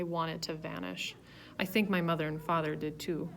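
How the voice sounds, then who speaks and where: A woman reading a children's chapter book aloud, telling it in a lively first-person voice. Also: low-pitched, normal speed, gravelly, slight background noise. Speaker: reader. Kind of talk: storybook narration.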